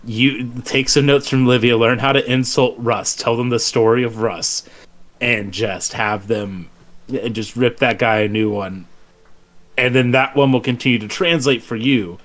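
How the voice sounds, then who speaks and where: A man's voice: medium pitch, fairly even intonation, a little slow, fairly bright tone, natural voice. A man voicing a male companion in a tabletop game, coaching a teammate to trade insults. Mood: urging. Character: rallying male party companion.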